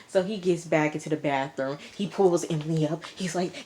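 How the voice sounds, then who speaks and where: A woman's voice: low-pitched, steady tone, brisk, few pauses, darkish tone, slight background noise. A young woman casually recapping a TV episode, sassy and talking back to the characters. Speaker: TV episode reviewer.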